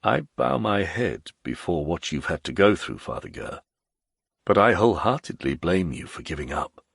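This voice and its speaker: A composed nobleman talks in a low-key, measured and reassuring manner, as a male narrator voices him. His voice is husky with a gravelly edge, recorded close in a dry room. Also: sing-song, a bit bright, dry recording, exaggerated voice. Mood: calm, measured. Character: calm, composed nobleman, quietly persuasive.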